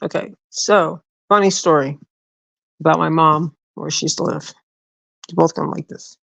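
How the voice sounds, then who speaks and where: A woman's voice: sits low, steady tone, moderate pace, vocal fry, a bit bright, dry recording, low-quality recording. A middle-aged woman hosting a livestream, telling a rambling story casually to her viewers, swearing freely and often restarting her sentences. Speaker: livestream host.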